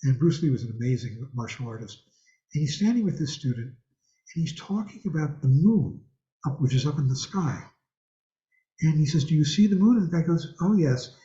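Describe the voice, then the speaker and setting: An older man teaches an online Buddhist dharma class from home over a video call, rambling conversationally and putting questions to the class. A thangka hangs in the room. His medium-pitched, mellow voice has lively intonation at normal speed, and the video-call audio is roomy and slightly dull.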